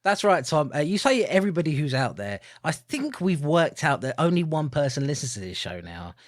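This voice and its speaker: Rambling jokey podcast host. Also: male voice, very animated, fairly quick, no room sound, clean studio sound. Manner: jokey, rambling, mock-grumpy with sudden loud high bursts. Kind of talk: casual rambling chat.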